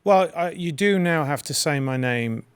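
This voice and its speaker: Playful male guest, lively and a bit high-voiced, casual banter. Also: normal speed, clear, resonant tone, dry recording, clean studio sound. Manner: playful, joking, hesitant restarts. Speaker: guest contributor. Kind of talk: casual chat.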